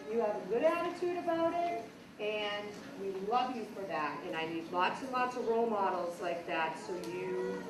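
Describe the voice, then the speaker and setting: A woman teacher praising young students one by one at a school assembly. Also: mid-range voice. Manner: warm praising, addressing young children. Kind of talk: award presentation at a school assembly. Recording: echoey hall, distant mic, crowd noise.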